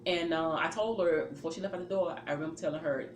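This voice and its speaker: A woman with a low voice talks fast while casually recounting a personal story, acting out her reactions and filling gaps with fillers. There's a roomy sound to the recording and faint ambient noise.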